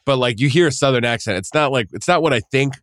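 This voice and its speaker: A man co-hosting a podcast in casual chat, quick and jokey, often trailing off mid-thought. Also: mid-range voice, fairly bright tone, no echo, studio quality. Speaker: podcast co-host.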